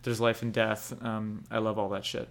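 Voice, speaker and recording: A man's voice: fairly low pitch, little pitch movement, moderate pace, creaky. A young man co-hosting a casual podcast, rambling candidly and swearing now and then. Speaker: podcast co-host. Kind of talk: casual chat about anime.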